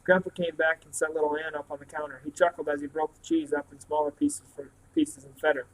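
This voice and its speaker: A man reads a novel aloud, one chapter a day. His voice sits a little high for a man, and he tells the story plainly and steadily, tripping over a word now and then. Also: level tone, fast, slight background noise, poor audio. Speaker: reader.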